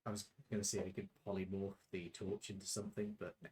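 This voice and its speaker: A man running a tabletop game as game master, narrating in a relaxed, halting way with many fillers. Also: sits low, background noise.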